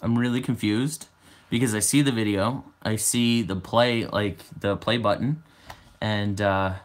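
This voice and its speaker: A man's voice: on the low side, fairly even intonation, measured pace. A man in his twenties hosting a casual livestream, chatting and answering viewer comments aloud. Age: 20s. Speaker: livestream host.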